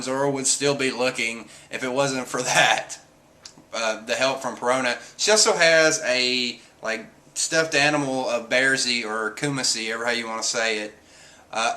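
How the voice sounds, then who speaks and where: A man's voice: mid-range voice, sharp tone. A man reviewing a comic chapter in a casual, chatty, amused retelling. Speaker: manga reviewer.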